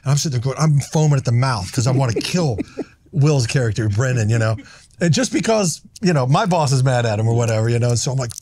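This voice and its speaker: Animated middle-aged male storyteller. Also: medium pitch, quick pace. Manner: animated, acts out lines in loud put-on voices. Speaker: actor and comedian guest. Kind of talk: casual storytelling chat.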